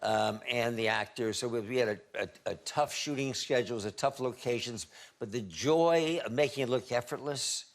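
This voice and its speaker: A man in his seventies, a talk show guest, telling anecdotes in a halting way, repeating words and laughing at his own stories. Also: mid-range voice. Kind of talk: anecdotal storytelling. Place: TV studio.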